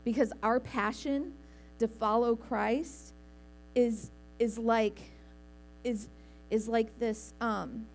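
Female preacher, earnest, conversational sermon delivery, slightly high voice, faint hum behind. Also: steady tone, slow, darkish tone. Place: church sanctuary.

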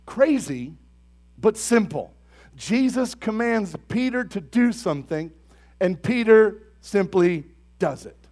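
A young man preaching a sermon as pastor, talking to the congregation and asking them questions, then building to loud, emphatic bursts. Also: high-pitched, animated, slow pace. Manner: conversational, asks the congregation questions.

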